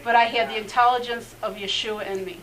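Middle-aged lady rabbi telling her testimony, kinda high bright voice, laughs a lot, lots of you knows. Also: steady tone, brisk, rough recording. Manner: earnest, laughs often, many "you know" fillers. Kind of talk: personal testimony in a faith interview.

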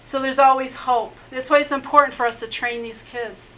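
A middle-aged woman rabbi recounts her testimony in an earnest, chatty way, laughing often and filling gaps with "you know". Her voice sits a bit high and rings bright and forceful. A faint hiss lingers in the background. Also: fairly even intonation, fairly quick, low-quality recording. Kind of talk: personal testimony in a faith interview.

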